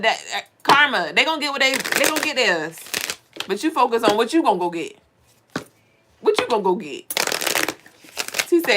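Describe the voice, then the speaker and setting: A woman's voice: medium pitch, very noisy. A woman hosting a live spiritual card reading, talking bluntly and preachily and swearing now and then. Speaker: spiritual reader.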